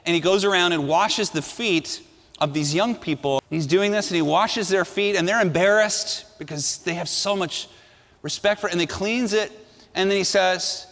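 High-voiced man preaching in a reverberant hall. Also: normal speed. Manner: emphatic, swinging between hushed and ringing delivery. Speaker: pastor. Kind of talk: sermon.

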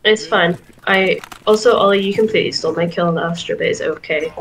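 A woman's voice: on the low side, fast talker, fairly bright tone, poor audio. A woman playing a team shooter game, trading dry, teasing remarks with teammates in voice chat. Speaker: game player.

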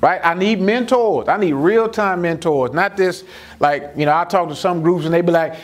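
Animated man speaking to a crowd. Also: high-pitched, normal speed. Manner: animated storyteller who acts out his own dialogue. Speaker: juvenile court judge. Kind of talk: speaking to a community audience.

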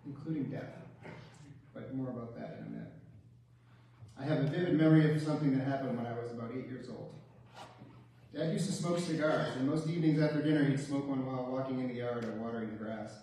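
A man's voice: mid-range voice, mellow, slight background noise. A man delivers a eulogy in a church, spinning wry, humorous anecdotes about his late father with little chuckles. He sounds set back from the microphone, and his voice rings through a very reverberant hall. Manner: wry storytelling with light chuckles. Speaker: son giving a eulogy. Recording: very echoey church, distant mic.

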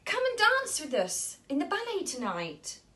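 A cheerful, clever storybook girl, kind and friendly, as a woman gives her a voice. The delivery stays gentle and unhurried, with lively rises and falls. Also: very high voice, pitched above the performer's own voice, exaggerated voice.

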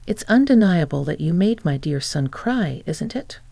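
A tall, tough man who speaks calmly with a low threat in his words, as a storyteller puts him on. His voice has a gravelly texture and a dark, mellow tone, recorded close and dry for a spoken story. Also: moderate pace, dry recording, full character voice. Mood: menacing.

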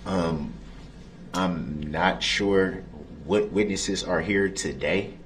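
A man defending himself in a courtroom, speaking in a halting, hesitant way. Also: low-pitched, a little hiss or hum. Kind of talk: courtroom argument.

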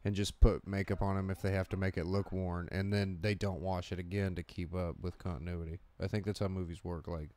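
A man's voice: sits low, little pitch movement, a little fast, few pauses, a little mellow. A man co-hosting a casual horror movie commentary, rambling, joking crudely and swearing a lot. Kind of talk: casual chat.

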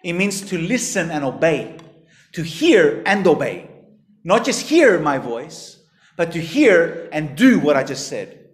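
A man preaching a sermon as pastor, emphatic, his voice rising and falling in pitch and volume. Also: big pitch swings, measured pace. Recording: echoey hall.

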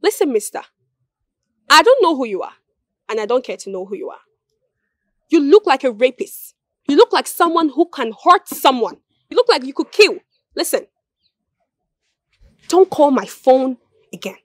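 A young Nigerian woman with a high voice who speaks firmly and sternly. Her Nigerian English accent is clear. The sound is dry and close. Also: very animated, moderate pace, long pauses, no room sound. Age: young adult. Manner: firm, stern. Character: young woman, principled and sharp-tongued. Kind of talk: Nollywood film acting.

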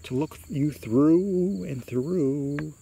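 A man doing a slow groaning toe-hunting creature. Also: on the high side, gravelly, warm tone, slight background noise, voice pushed up, full character voice. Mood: menacing.

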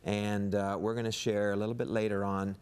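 Man, TV ministry guest: lower voice, earnest, enthusiastic, a few restarts. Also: level tone, a little fast, darkish tone, clear, resonant tone. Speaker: guest missionary and TV producer. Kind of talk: casual studio chat. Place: TV studio.

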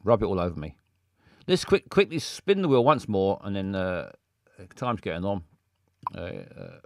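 A man's voice: low voice, big pitch swings, normal speed, vocal fry, darkish tone, no room sound. A man hosting a casual live stream, rambling and hesitant with lots of fillers. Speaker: streamer host.

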